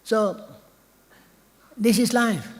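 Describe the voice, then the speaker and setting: With a high-pitched voice and drawn-out words, an older keynote speaker talks off the cuff in a large hall full of long reverb. His manner is conversational, and he frequently tosses "right?" to the crowd to check in.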